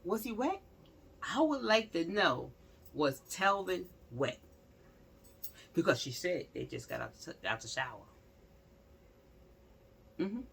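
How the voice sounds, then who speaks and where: A woman's voice: on the low side, slow, creaky, pauses often, husky. A woman giving blunt, slangy true-crime commentary straight to her viewers, repeating phrases for emphasis. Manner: talks straight to viewers, animated. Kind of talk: casual spoken commentary.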